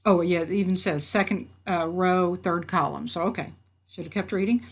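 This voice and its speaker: A woman instructor walking through a software tutorial, reading out each step and checking her work as she goes. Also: fairly low pitch, moderate pace. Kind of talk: screen-recorded software tutorial. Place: at a computer.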